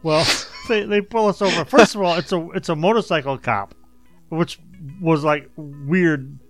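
Man in his thirties, slightly high voice, laughs while telling a story, faint music bed. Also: a little slow, no echo. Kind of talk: casual chat.

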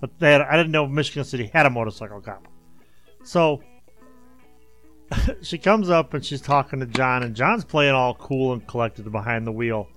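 A man's voice: medium pitch, moderate pace, a bit bright, soft background music. Laughing man telling a story. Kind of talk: casual chat.

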